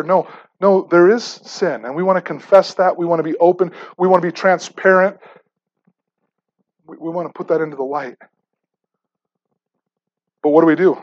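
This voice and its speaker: A man's voice: on the high side, moderate pace, long pauses, muffled recording. A man preaching a sermon in a conversational, emphatic way, often repeating words as he starts phrases. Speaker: pastor.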